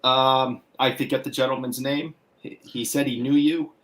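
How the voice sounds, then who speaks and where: A man's voice: medium pitch, fairly even intonation, normal speed, fairly bright tone. A man with a Boston accent, a guest telling rambling anecdotes with many restarts in a casual chat. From Massachusetts.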